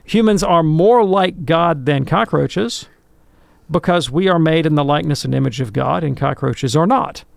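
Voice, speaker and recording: Brief: male radio theologian, gravelly, dry close mic, patient teaching tone. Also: on the high side, dry recording. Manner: earnest, explanatory, slows down to stress points. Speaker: theologian answering listener questions. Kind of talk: radio call-in talk.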